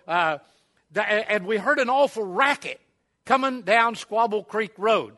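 A man's voice: high-pitched, animated, measured pace, bright, forceful tone. A man, preaching at a camp meeting and telling a folksy, rambling story with many fillers. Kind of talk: sermon storytelling.

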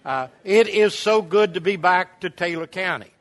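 A man's voice: high voice, moderate pace. A man, preaching at a camp meeting and telling a folksy, rambling story with many fillers. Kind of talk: sermon storytelling.

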